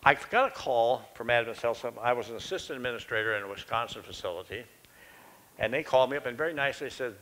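A man's voice: medium pitch, lively intonation, quick pace, a bit bright, low-quality recording. An older man preaching a sermon in a church, telling a personal story in a folksy, conversational and self-deprecating way.

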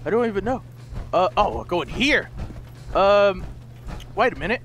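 A young gaming YouTuber commentates with loud, goofy mock-heroic bravado. His voice sits unusually high and sounds bright and sharp, and he swings between shouted boasts and muttered asides. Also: animated, normal speed. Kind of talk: comedic gameplay commentary.

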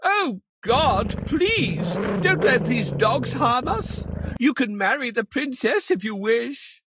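A high, fretful cartoon king. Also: sing-song, slow pace, very noisy, full character voice. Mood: pleading. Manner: theatrical, pleading. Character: fretful pleading old king.

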